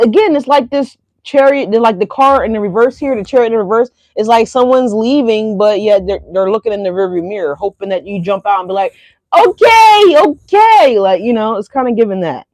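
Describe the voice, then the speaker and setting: A woman's voice: mid-range voice, a little mellow, dry recording. Rambling, cursing woman tarot reader. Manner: rambling, profane, laughing asides; repeats fillers, talks straight to viewers. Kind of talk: casual tarot reading.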